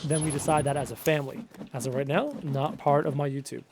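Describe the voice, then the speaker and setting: A man in his thirties talks loosely through a live gaming stream, reading out viewer comments and answering them one after another. His voice sits a little high for a man. A faint noise runs under the talk. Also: fairly even intonation, fast. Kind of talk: casual live-stream chat while playing.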